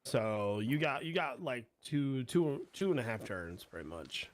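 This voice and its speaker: A man's voice: medium pitch, sing-song, a little slow. Patient man explaining game rules. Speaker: card game referee. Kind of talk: casual game voice chat.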